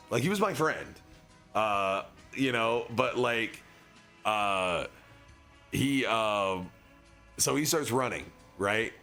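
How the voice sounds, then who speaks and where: A man's voice: mid-range voice, pushed and bright. A young man streaming, telling a long casual story in a rambling way, full of filler words.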